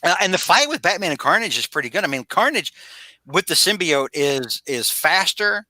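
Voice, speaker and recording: A man's voice: sits high, big pitch swings, normal speed, pushed and bright, no room sound. A man co-hosting a casual podcast, rambling and restarting as he recaps a story and acts out bits of dialogue. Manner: rambling, many restarts and acted-out quotes. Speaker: podcast co-host.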